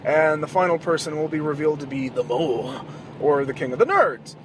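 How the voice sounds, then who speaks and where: A podcast host talking in a rambling, profane monologue while driving at night, with loud outbursts now and then. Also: male voice, on the high side, lively intonation, brisk, background noise. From American South. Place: car at night.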